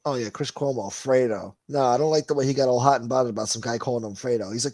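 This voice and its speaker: A man's voice: medium pitch, fast, few pauses, a little mellow, no room sound. A man hosting a casual livestream, reading viewer comments and ranting in a profane, sarcastic way. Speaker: livestream host.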